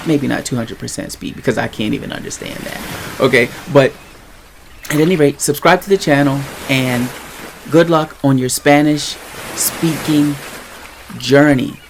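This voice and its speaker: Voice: mid-range voice, moderate pace, gravelly, a little hiss or hum. A language teacher talking through a casual lesson, explaining patiently and checking in with the listener often. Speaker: Spanish teacher.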